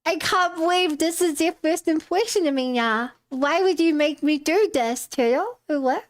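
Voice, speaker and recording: A cutesy uwu-talking girl, put on by a woman on a live stream, pitched high and coated in a sugary, mock-sweet manner. She tags "uwu" onto everything she says and leans hard into the cute act. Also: normal speed, natural voice.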